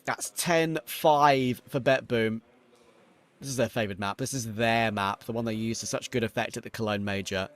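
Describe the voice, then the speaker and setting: At medium pitch and a moderate pace, a young London-accented caster from England commentates an esports match on his own, casual and chatty. He answers viewers' questions between plays while losing his voice, and gunfire and game audio play behind him.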